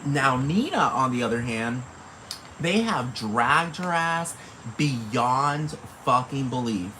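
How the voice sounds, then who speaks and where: With lively intonation and a slow delivery, a medium-pitched man hosts a solo podcast full of rambling, profane, casual commentary. He keeps asking whether the listener knows what he's talking about, with background noise behind him.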